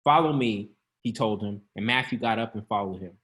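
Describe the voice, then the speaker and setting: A man's voice: fairly low pitch, steady tone, brisk, a bit bright. A man preaching a sermon to an online congregation, talking in a conversational way, laughing often and calling out to his listeners. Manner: conversational, laughing, calls out to the audience.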